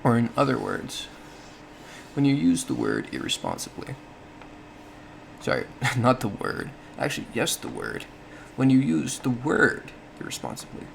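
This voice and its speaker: Gravelly man musing aloud, lively pitch. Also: measured pace, slight background noise. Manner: thinks aloud with frequent self-corrections and small laughs. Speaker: solo podcast host. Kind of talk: casual explanatory monologue.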